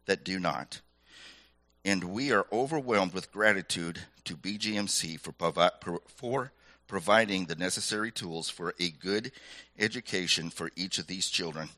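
Bright-voiced man leading a church prayer. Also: sits low. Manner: halting, repeats words, folksy.

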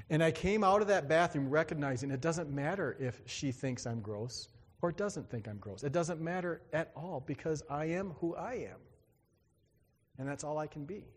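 A man preaching a sermon, telling a personal story in an earnest, dramatic way and acting out the other voices. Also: on the high side. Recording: long hall reverb.

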